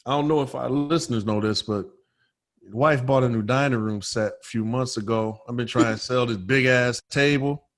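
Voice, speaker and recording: A man co-hosting a podcast, spinning a casual story in a mid-pitched voice. He talks loose and profane, peppering the tale with slangy asides and punchy emphasis. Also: normal speed. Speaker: podcast co-host.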